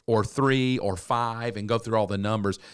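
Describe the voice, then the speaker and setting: A man's voice: lowish voice, moderate pace, clean tone, dry recording. A man, co-hosting a podcast and telling a story, acting out the lines of the people in it. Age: 60s. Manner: animated storyteller, acts out quotes. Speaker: podcast co-host. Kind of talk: casual storytelling chat.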